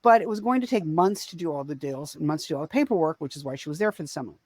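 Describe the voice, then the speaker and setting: A woman's voice: low-pitched, lively intonation, rapid-fire, dark tone, no echo. A woman in her forties co-hosting a podcast, telling a family story in a rambling, self-correcting way. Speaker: podcast co-host. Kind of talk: casual storytelling chat.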